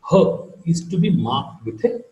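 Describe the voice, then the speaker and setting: A man gives a recorded online phonetics lecture, talking deliberately and repeating key terms as he explains each point. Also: on the high side, very animated, mellow. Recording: echoey room, dull lo-fi sound.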